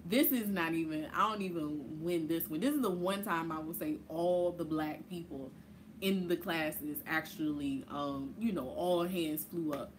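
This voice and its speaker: A young adult woman from the American South, a podcast guest who tells lively stories, laughs often and slips into impressions. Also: deep voice, unhurried, slight background noise, rough recording. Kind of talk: casual podcast chat.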